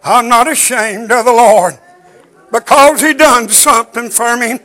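An older man preaching a chanted sermon in a rhythmic, drawn-out cadence, out of breath and wheezy. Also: very high-pitched, sharp tone, low-quality recording.

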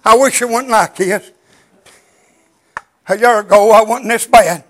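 Breathless older preacher, high voice. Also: male voice, low-quality recording. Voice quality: wheezy, breathless. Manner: rhythmic, drawn-out preaching cadence. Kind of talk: chanted sermon.

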